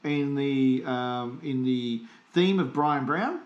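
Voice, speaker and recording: A man co-hosting a podcast, quick-witted and teasing, throwing in jokes. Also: medium pitch, echoey room, dull audio. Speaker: podcast co-host. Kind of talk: casual comedic chat.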